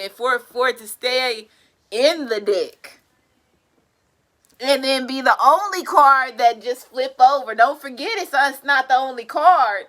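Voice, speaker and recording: High-pitched, bright-toned woman ranting. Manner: profane, exasperated ranting with bursts of laughter; loud outbursts then low muttering. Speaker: tarot reader. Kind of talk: casual tarot reading monologue.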